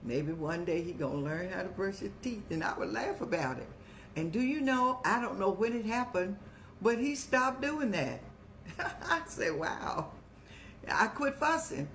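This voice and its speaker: A woman's voice: fairly low pitch, slight background noise. An older woman hosting an advice show, talking in a folksy, motherly, preaching way. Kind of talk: casual advice talk.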